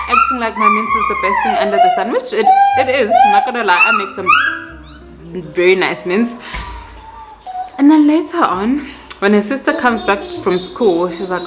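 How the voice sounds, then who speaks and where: A woman, chatting to camera as a vlogger and mother in her kitchen, animated and laughing as she talks. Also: a little high, measured pace, long pauses, music in the background. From South Africa. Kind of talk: casual chat to camera. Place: home kitchen.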